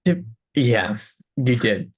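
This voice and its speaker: A man's voice: mid-range voice, sing-song, slow pace. Playful young man teasing on a podcast. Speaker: podcast co-host. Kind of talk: casual chat.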